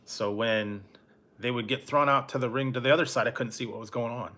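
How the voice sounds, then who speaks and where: A middle-aged man chats on a late-night live stream, in a bright, forward tone at an ordinary pitch. He rambles through a story in a laid-back way, chuckling softly as he goes, and stops now and then to answer his chat. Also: steady tone, fairly quick. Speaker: food review channel host.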